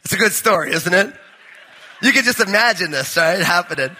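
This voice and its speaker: A male pastor from New Jersey, with a high, bright voice and a husky edge, delivers a sermon full of personal storytelling in a conversational, joking manner. He speaks briskly with lively intonation, and his voice rings out with long reverb in a large church hall.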